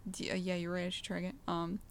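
A woman's voice: lowish voice, completely flat delivery, quick pace, smooth. Rambling, joking woman podcast co-host. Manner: rambling, joking, lots of fillers and swearing. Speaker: podcast co-host, game developer. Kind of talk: casual chat.

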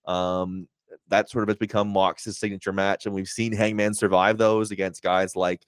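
A man with a fairly low voice talks through a wrestling show in casual chat. He often slips into the wrestlers' lines as he retells them. The sound is dry and close, with no room in it. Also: flat delivery, moderate pace, smooth, dry recording. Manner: recounts promos, acting out wrestlers' lines. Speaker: wrestling podcast co-host.

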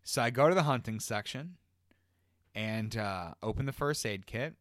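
A man with a mid-range voice co-hosts a casual podcast, telling a long story at a moderate pace. The retelling is animated, rambling, and profane, recorded with clean studio sound and no echo.

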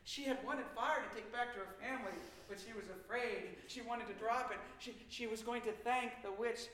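A man telling a spooky folktale in an animated, suspenseful way with dramatic pauses. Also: very high-pitched. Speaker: storyteller. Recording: echoey room with faint noise.

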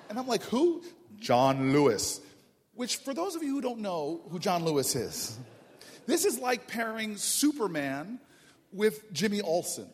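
This man's voice sits high and sounds husky, and he takes his time. He's a politician from New Jersey giving a storytelling speech at a town hall, animated and humorous, with many restarts, to a crowd in a large hall, recorded from a distance amid heavy reverb.

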